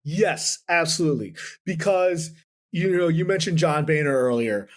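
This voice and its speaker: A man who is a political reporter, telling stories from the Capitol in a conversational interview, animated and full of restarts. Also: on the high side, moderate pace. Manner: animated, quotes people in lively voices, many restarts.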